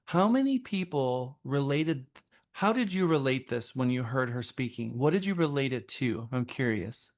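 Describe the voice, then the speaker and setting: A man teaching a sales class in a relaxed, conversational way, calling on people and asking questions. His voice sits at a mid pitch for a man. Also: moderate pace. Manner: conversational, asks the group questions. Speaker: sales trainer. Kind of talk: classroom instruction.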